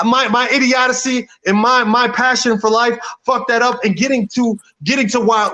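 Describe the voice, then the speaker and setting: A man's voice: high-pitched, a bit bright, low-quality recording. A man, a boxer, ranting angrily and profanely, rambling with many restarts. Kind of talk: heated rant.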